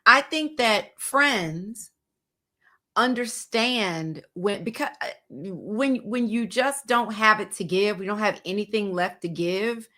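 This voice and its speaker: A woman co-hosting a podcast speaks in a measured, reassuring way. She reflects on her working life with a bright, clear voice. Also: medium pitch. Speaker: podcast co-host, former news anchor. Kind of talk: casual chat.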